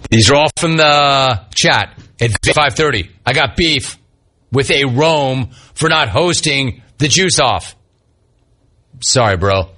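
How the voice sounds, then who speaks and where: A male sports talk host reads out listener complaints one after another, tossing in quick wisecracks. His delivery is slow and easygoing, and his voice has a bright, forward edge. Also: medium pitch, lively intonation. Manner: wisecracking, riffs on each message. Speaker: sports radio host reading listener messages. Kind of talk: casual sports talk show chat.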